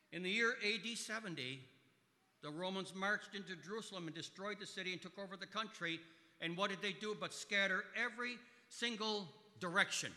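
Bright-voiced preacher in a reverberant hall. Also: male voice, sits high. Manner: emphatic, swings between loud stresses and quiet asides. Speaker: pastor. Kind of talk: sermon.

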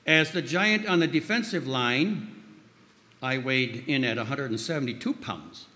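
Bright-voiced man preaching in a reverberant hall. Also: medium pitch, a little slow. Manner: rambling with frequent restarts and fillers; acts out quoted voices loudly. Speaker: speaker at a church gathering. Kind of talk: informal sermon with storytelling.

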